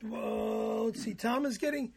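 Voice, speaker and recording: A man on a comedy show, frantic and profane, shouting insults. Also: high voice, fairly even intonation, measured pace.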